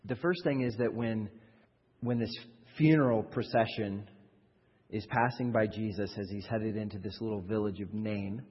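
A man's voice: lowish voice, fairly even intonation, moderate pace, breathy edge. A man preaching a sermon in a conversational style, asking rhetorical questions and growing more fervent. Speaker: pastor. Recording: dull audio with long hall reverb.

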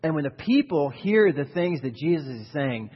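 Husky-voiced male pastor preaching. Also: on the high side, very animated, moderate pace, big-room sound, lo-fi sound. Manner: conversational preaching, rising to emphatic peaks. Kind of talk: sermon.

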